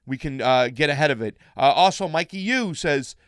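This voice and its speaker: Host, male, casual and chatty, reads shout-outs; slightly high, smooth, dry studio sound. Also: expressive, normal speed, no echo. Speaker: political show host. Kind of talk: casual live-stream chat.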